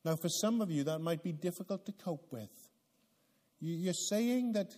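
A man's voice: high voice, lively intonation, moderate pace, a little mellow. A man preaching a sermon in a church, earnest and emphatic. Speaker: pastor.

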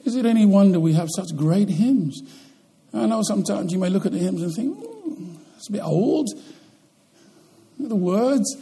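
A man preaching a sermon as pastor, swinging between loud, emphatic lines and quiet, slow ones. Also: high voice, sing-song, creaky, slightly rough.

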